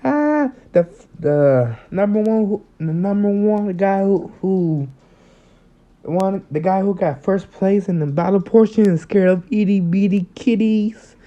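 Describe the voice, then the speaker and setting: A man voicing an excitable, mocking teenage boy in a slightly muffled lo-fi recording. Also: high voice, unhurried, voice pushed up. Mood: mocking glee. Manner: mocking, stumbling, giddy. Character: excitable small male teen student, giggly.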